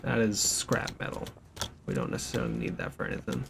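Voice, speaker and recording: Streaming from home, a young man delivers casual let's-play commentary, joking and reading the game's notes in a loose, rambling way. His voice is on the low side, gravelly and sing-song, with a brisk pace; background noise and keyboard typing can be heard.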